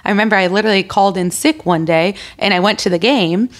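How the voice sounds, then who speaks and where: A woman's voice: mid-range voice, fast. A woman in her thirties, a podcast guest telling stories in casual conversation and acting out what people said. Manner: animated, acts out quoted dialogue. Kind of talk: casual interview storytelling.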